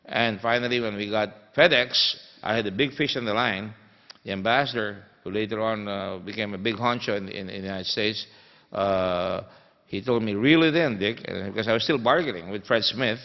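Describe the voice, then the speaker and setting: A man's voice: lowish voice, moderate pace. A man from the Philippines, giving a conference talk that he tells as an emphatic story, with many fillers. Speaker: guest speaker. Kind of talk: anecdotal conference speech. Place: conference hall. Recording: dull sound in a reverberant hall.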